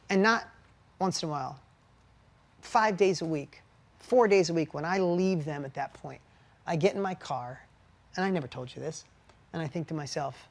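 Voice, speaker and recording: Speaking with a fairly high, gravelly voice at a moderate pace and pausing often, a middle-aged man chats candidly on a podcast he co-hosts with his wife. He tells stories animatedly in an earnest, confessional way.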